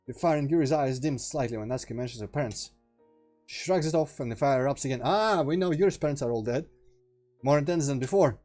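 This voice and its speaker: A man's voice: medium pitch, fast talker, dark tone, faint music behind. A young man streaming a visual novel, reading the narration aloud and muttering casual asides.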